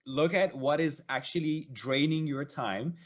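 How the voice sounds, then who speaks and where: Halting, encouraging male podcast host. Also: a little high, very noisy. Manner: encouraging, halting, many fillers and restarts. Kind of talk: interview questions.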